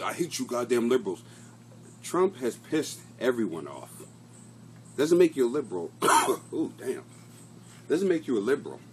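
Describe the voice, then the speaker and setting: A lowish, darkish male voice comes through with slight background noise. The speaker is a comedian talking casually to his stream audience, drifting from story to story with plenty of swearing and laughter.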